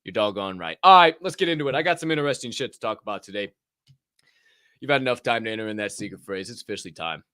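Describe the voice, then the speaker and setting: A man's voice: on the low side, expressive, fast, bright, forceful tone, no echo, clean studio sound. Rowdy, swearing male podcast host. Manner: rowdy, joking, swears a lot, laughs at himself. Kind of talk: loose, profane livestream chat.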